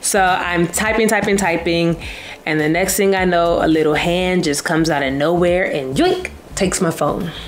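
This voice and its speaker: A young woman telling a travel story to camera in a casual, animated way, acting out voices. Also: on the low side, moderate pace. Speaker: travel vlogger.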